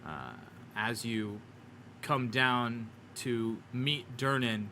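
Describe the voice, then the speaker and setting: A man narrating a tabletop game as game master in a relaxed way, with many fillers and restarts. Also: medium pitch, very slow, a little hiss or hum.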